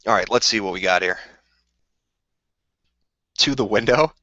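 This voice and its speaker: This live streamer rants combatively and profanely while rambling through viewer questions. He speaks a little slowly with a fairly low, sharp voice, and the recording sounds dull, lo-fi and dry with no room sound.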